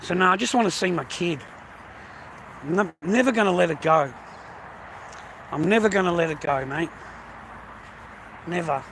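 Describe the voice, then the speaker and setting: A man's voice: high-pitched, moderate pace, gravelly, long pauses, a bit bright, slight background noise. An Australian man ranting about his grievances, swearing heavily and repeating himself. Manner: aggrieved, heavy swearing, repetitive. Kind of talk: angry personal rant.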